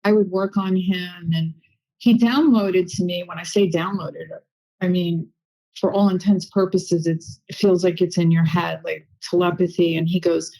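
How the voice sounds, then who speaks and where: A woman guest on a podcast, telling a personal story in a chatty, animated way with lots of asides. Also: lowish voice, moderate pace, low-quality recording. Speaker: guest medium and intuitive healer. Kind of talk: casual interview storytelling.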